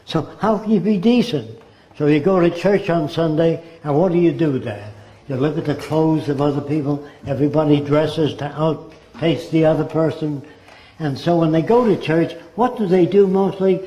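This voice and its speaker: A man's voice: a little high, moderate pace, dark tone. A man giving a blunt, sardonic talk full of rhetorical questions. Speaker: speaker. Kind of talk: lecture-style monologue. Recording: roomy echo.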